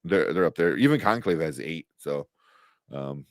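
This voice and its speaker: Deep-voiced man chatting casually. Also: lively intonation, normal speed, no echo, studio quality. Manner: rambling, many fillers and restarts. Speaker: podcast co-host. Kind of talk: casual chat.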